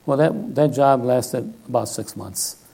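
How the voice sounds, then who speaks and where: A man's voice: medium pitch, unhurried, vocal fry, warm tone. An older man giving a sermon in a conversational style, often checking in with "all right?". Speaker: lay preacher.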